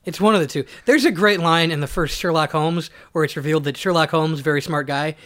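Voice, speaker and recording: A man's voice: on the high side, brisk, fairly bright tone. A man co-hosting a casual comedy podcast, riffing crudely and laughing often. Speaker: podcast co-host.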